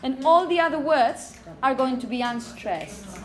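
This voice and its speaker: A woman with a high, lively voice gives a phonetics lecture to teachers at a measured pace. She works through the material step by step, keeps checking in with the class with "okay?" and "yeah?", and chants example phrases to demonstrate rhythm.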